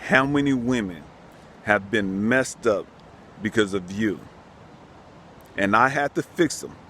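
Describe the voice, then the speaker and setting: A man quoting God in his story, voicing him as solemn, slow and reproachful. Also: fairly low pitch, fairly bright tone, slight background noise. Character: God, stern yet patient, rebuking.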